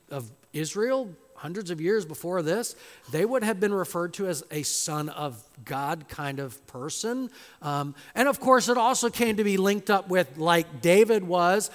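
A male pastor preaching a sermon, dramatic and emphatic, firing off rhetorical questions. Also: high-pitched. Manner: dramatic, rhetorical questions, acts out quoted voices. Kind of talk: expository sermon. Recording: long reverb of a large hall.

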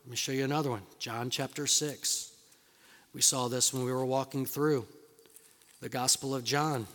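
Long hall reverb surrounds this recording of a pastor preaching in a church sanctuary. He reads scripture aloud and works up to emphatic, rising bursts, though his mid-range voice keeps a fairly even intonation, a moderate pace, and a fairly bright tone.

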